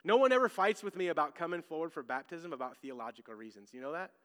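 A man in his thirties, a pastor preaching a sermon, telling stories with loud emphasis and hushed asides. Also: fairly high pitch, big pitch swings, quick pace, clean tone, in a large hall.

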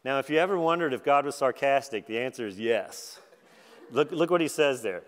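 A man's voice: medium pitch, a little fast. A man giving a conversational, self-deprecating sermon at a conference. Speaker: conference speaker. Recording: long hall reverb.

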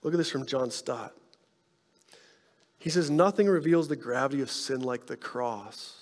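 A male pastor preaching a sermon, telling stories with animated energy and dropping to hushed tones to make his point. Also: medium pitch, measured pace, big-room sound. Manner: animated storytelling, drops to soft hushed tones for emphasis.

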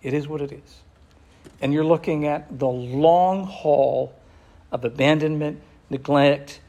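Man, sermon, gravelly, slightly high voice, impassioned, slows for emphasis. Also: steady tone, warm tone. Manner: impassioned, slows down for emphasis, drops to near whisper. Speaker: preacher.

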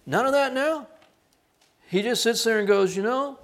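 A man preaching a sermon, reading scripture and acting out the quoted lines with big swings in loudness. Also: very high voice, animated, measured pace. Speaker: pastor.

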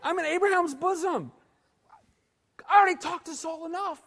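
A man's voice: extremely high pitch, moderate pace, fairly bright tone, long reverb tail, some chatter behind, voice pushed up. A man voicing a reluctant old male prophet who whines that he does not want to go, half laughing.

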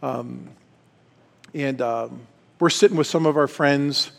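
A middle-aged man giving a casual, story-driven sermon at a retreat, folksy and self-deprecating with quick asides. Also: mid-range voice, creaky, a bit bright. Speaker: retreat speaker. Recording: long reverb hall.

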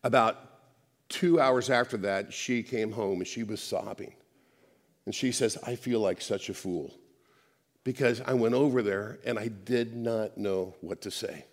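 A man preaching a conversational sermon, often restarting words and dropping soft for emphasis. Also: on the low side, unhurried, in a large hall.

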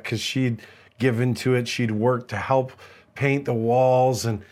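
A man's voice: medium pitch, level tone, takes it slowly, gravelly. A man preaching a sermon as a pastor, telling a story in an earnest way, often restarting and repeating words.

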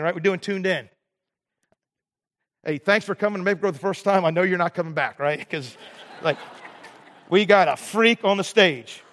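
A middle-aged male pastor preaching a sermon in a church, self-deprecating and animated as he tells stories. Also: high voice, normal speed, long pauses. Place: large church hall. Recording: hall reverb.

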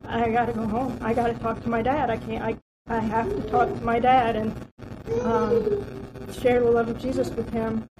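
A woman's voice: a little high, moderate pace, noisy background. A woman sharing a heartfelt personal testimony from a church outreach, talking in a rambling way with many fillers and restarts.

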